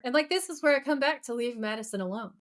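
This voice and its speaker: A woman's voice: a little high, fast. A woman co-hosting a podcast, retelling a TV episode in casual chat full of fillers. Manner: animated, filler-heavy retelling. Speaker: podcast co-host.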